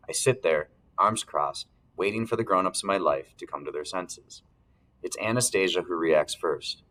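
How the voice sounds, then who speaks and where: Deep-voiced male audiobook narrator. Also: rough recording. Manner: steady, clears his throat between lines. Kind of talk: first-person audiobook reading.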